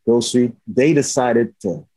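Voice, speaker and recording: A man in casual chat, telling a story in an animated way and acting out the lines of the people in it. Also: medium pitch, unhurried, breathy edge, dry recording, poor audio. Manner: animated storytelling, acts out quotes with swearing.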